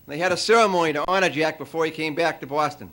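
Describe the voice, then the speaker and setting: A man giving a farewell after-dinner speech, telling a long joke with frequent pauses and fillers. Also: a little high, a bit bright. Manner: storytelling, halting with many uh fillers.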